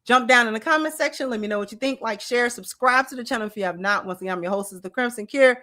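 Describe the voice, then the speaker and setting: A woman's voice: on the high side, fast, sharp tone. Chatty woman hosting a commentary vlog. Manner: chatty, colloquial, addresses viewers directly. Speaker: host.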